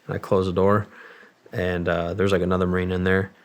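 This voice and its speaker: A man's voice: low-pitched, little pitch movement, fairly quick. A man as an interview guest, casually retelling events with many quoted exchanges and frequent cursing. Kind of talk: casual storytelling.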